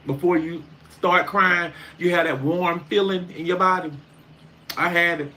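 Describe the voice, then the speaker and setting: A man's voice: high-pitched, fairly even intonation, a little slow, sharp tone, slight background noise. A man chatting casually on his livestream, rambling and talking straight to his viewers.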